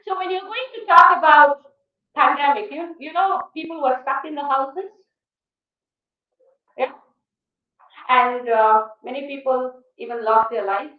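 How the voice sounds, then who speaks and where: A woman with an Indian English accent giving a guest lecture at a college, firing rhetorical questions at the class in an emphatic, animated way. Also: high voice, measured pace, pauses often. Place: lecture hall. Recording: echoey hall, distant dull mic.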